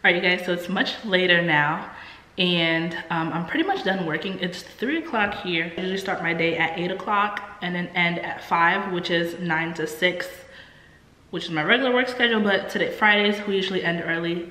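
A woman's voice: on the low side, fairly even intonation, moderate pace, pushed and bright, echoey room, long reverb tail, rough recording. A young woman in her twenties, stuffy and under the weather, chatting casually in a vlog with many ums and likes. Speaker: vlogger.

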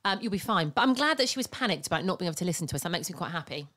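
Lively low-voiced woman podcast co-host. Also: rapid-fire, heavy background noise. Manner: storytelling, laughs often. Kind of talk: casual chat. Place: podcast studio.

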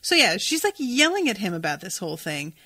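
A woman's voice: mid-range voice, sing-song, fairly quick, pushed and bright. A young adult woman hosting a podcast, recapping a TV episode in a chatty, casual way and swearing freely. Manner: chatty, swears freely, reads quoted dialogue aloud.

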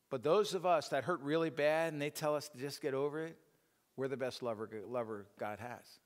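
A middle-aged man giving an informal church teaching talk, rambling and self-deprecating, with many fillers and restarts. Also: fairly high pitch. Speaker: speaker at a church teaching session. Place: church hall. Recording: long hall reverb.

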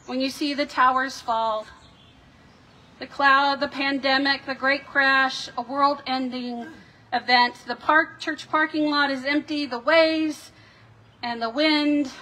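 High, bright-voiced woman pastor preaching slowly. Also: steady tone. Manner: measured, reflective preaching with dramatic quoted questions. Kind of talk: sermon. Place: church sanctuary.

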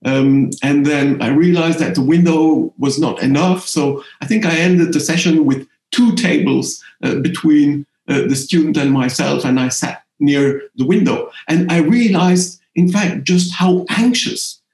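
A middle-aged man speaks English with a French accent, his voice sitting a little high. He answers in a reflective, halting way with many restarts. The room adds a noticeable echo. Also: a little mellow. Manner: thoughtful, hesitant, frequent restarts. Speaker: interviewee, language professor. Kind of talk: conversational interview. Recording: roomy echo.

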